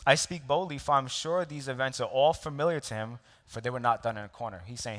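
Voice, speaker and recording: A pastor preaches to his congregation, spinning a personal story with quick laughs and direct questions to the room. His voice is bright and forward, and it rings out with a long reverb in the hall. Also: medium pitch. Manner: storytelling with laughs and audience asides. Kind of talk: sermon.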